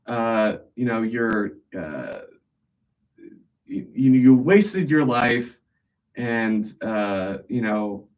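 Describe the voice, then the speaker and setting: A man voicing a nagging male pet parrot that insults its owner in a slow, scolding way. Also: medium pitch, expressive, a little mellow, far from the mic.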